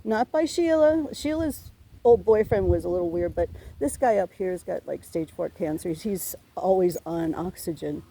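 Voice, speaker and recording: A woman's voice: on the low side, normal speed, creaky, warm tone, slight background noise. A middle-aged woman telling a police officer about a neighbor's harassment, rambling and aggrieved, swearing and restarting her sentences. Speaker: tenant reporting harassment to police. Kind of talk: emotional complaint to an officer.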